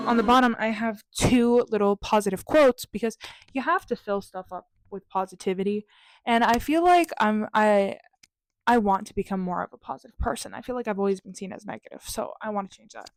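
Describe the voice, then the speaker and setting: A young woman vlogger talking casually and upbeat through her journal pages, with a chatty, self-mocking manner. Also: mid-range voice.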